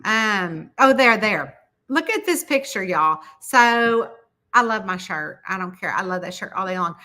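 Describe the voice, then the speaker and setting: Chatty, animated woman. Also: a little slow. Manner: chatty, animated, laughs often, quotes people in high voices. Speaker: mystery author hosting a livestream. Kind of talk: casual chat with viewers.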